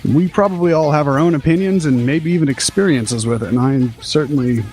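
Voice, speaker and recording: A man's voice: fairly high pitch, a little fast, darkish tone, faint music behind. A man co-hosting a gaming podcast, playful with mock-dramatic announcing. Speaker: podcast co-host. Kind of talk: casual gaming podcast banter.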